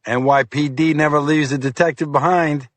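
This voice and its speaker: A man's voice: a little high, steady tone, moderate pace, no echo, pitched above the performer's own voice, natural voice. A man voicing a tough, grinning middle-aged male police officer with a Brooklyn accent and a breezy, wisecracking manner. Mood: cocky.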